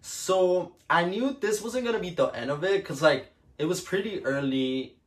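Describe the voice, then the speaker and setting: Speaking at a moderate pace in a voice that sits high, a young man chats to the camera about something that happened to him. His telling is casual and packed with fillers like "like," and he laughs a lot.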